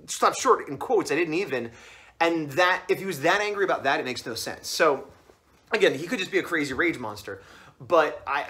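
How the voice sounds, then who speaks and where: A man talking to camera on his vlog, rambling quickly from one thought to the next. His voice sits a little high and swings widely in pitch, and he acts out the other people in his stories. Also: bright, forceful tone. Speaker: comic artist vlogger. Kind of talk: casual storytelling vlog.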